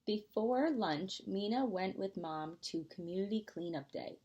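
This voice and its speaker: A woman, a preschool teacher, reading a picture book aloud in a gentle storytime voice. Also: medium pitch, a little slow, hardly any pauses, highs cut off.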